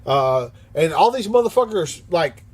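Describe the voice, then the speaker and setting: A man in his fifties hosting a livestream, reading chat aloud and answering in a blunt, profane, animated way. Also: on the high side, measured pace, breathy edge. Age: 50s.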